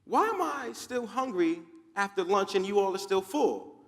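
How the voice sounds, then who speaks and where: A man performs a naive young rooster, secretly a hawk, full of wide-eyed questions. The voice sits a touch high and carries with a long hall echo. It sounds earnest and curious, like a storyteller's lively turn. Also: moderate pace, vocal fry. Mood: puzzled. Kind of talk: acted voice in a motivational story.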